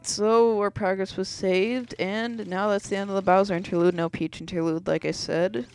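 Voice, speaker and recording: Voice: mid-range voice, fairly even intonation, normal speed, a little mellow, clean tone. A let's play host commentating a video game in a casual, joking, slightly rambling way.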